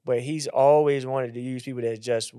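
Man, pastor, casual faith chat, animated, dry close sound. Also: normal speed, clear, resonant tone, dry recording. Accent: Southern US. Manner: animated, acts out quotes in a higher voice.

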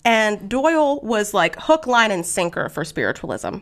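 Animated woman telling history stories. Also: medium pitch, moderate pace. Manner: animated, laughing, acts out voices. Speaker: podcast co-host. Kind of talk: casual chat storytelling.

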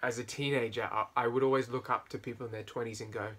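A man in his twenties chatting casually with a friend, playful and teasing, with animated asides. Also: medium pitch, quick pace. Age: 20s. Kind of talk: casual chat between friends.

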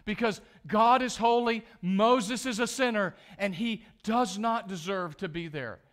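A man preaching as pastor, reading scripture aloud and explaining it in plain words, stressing key words loudly. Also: sits high, unhurried. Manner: emphatic, with loud stressed words and asides. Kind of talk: sermon.

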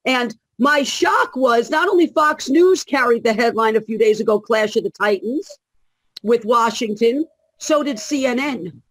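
A woman's voice: fairly high pitch, measured pace. A woman from the Bronx with a New York accent, a guest in a conversational interview, speaking emphatically and reading prophecies in a solemn cadence.

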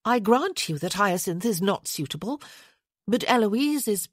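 A woman voicing an earnest, meddling young noblewoman in an audiobook, speaking in a coaxing, gently insistent way. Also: medium pitch, animated, a little slow, no echo, clean studio sound, voice pushed up.

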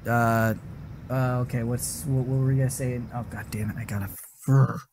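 A man's voice: medium pitch, fairly even intonation, moderate pace, noisy background. A man streaming a horror game live, rambling and swearing casually as he plays. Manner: rambling, self-interrupting and swearing; frequent laughing asides. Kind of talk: casual live gaming commentary.

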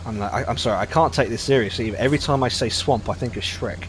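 A man's voice: medium pitch, quick pace. Guy streaming a tank game, chatty and rambling, faint noise behind. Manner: chatty and rambling, gets excitable in fights. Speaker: gaming streamer. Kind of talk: casual gameplay commentary.

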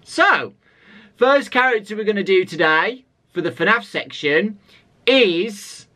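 A man's voice: sits high, animated, slow, bright, forceful tone. A man with a British accent, hosting a casual gaming chat show. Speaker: host.

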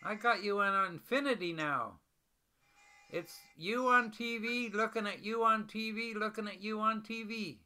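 An older man talking tenderly to his wife over a video call, gentle and affectionate, often repeating pet names. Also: high-pitched, unhurried, clean tone.

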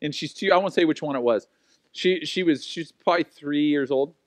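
Pastor, 40s male, high tenor, dry close sound, animated self-mocking storyteller. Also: a little fast, no room sound. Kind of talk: sermon with personal stories.

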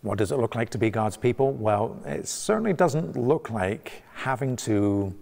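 A man's voice: mid-range voice, lively intonation, moderate pace, gravelly, a little mellow. A man preaching a conversational sermon as pastor, from Canada, with frequent restarts and fillers. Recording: long church reverb.

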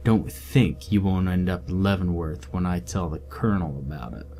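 A man voicing an angry, agitated male soldier who yells and hisses. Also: low voice, moderate pace. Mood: furious. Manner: yelling in a hushed tone.

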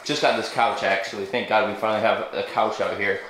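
A man's voice: on the low side, fairly even intonation, brisk, a bit bright. A young man vlogging a casual house tour, joking and rambling, talking through retainers. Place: inside a house. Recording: echoey rooms, faint noise.

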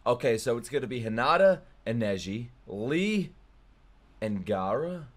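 A young man streaming anime reactions from his room, excitable and profane, often breaking into laughter. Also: mid-range voice, unhurried. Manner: excitable, swears a lot, bursts into laughter. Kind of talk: casual reaction commentary.

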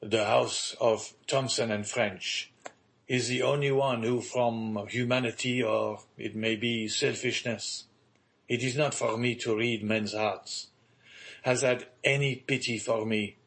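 A man voicing an aging, ruined father who speaks slowly and gravely in an audiobook reading. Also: medium pitch, fairly even intonation, fairly bright tone. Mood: measured. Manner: slow, grave, measured pleading.

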